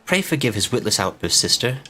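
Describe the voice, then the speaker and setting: A man's voice: mid-range voice, sing-song, a little fast, bright, forceful tone. A man voicing a stately, solemn elder in a game, using archaic, formal phrasing. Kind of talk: reading game dialogue aloud in voices.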